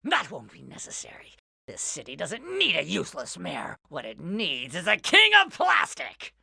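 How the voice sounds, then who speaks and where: A woman's voice: on the low side, wildly swooping pitch, moderate pace, vocal fry, pushed and bright, husky, no echo, clean studio sound, heavily acted. A woman voicing a boastful, plastic-obsessed male cartoon villain with theatrical gloating.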